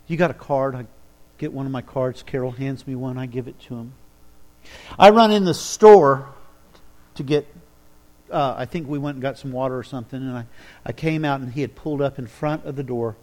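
A man preaching a sermon, telling a personal story with dramatic hushes and building to emphatic preaching. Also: medium pitch, a little fast. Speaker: pastor.

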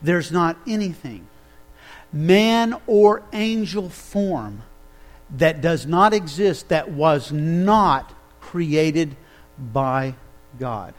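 High-voiced, slow-talking male preacher. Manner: animated storytelling, asks the audience questions. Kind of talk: sermon.

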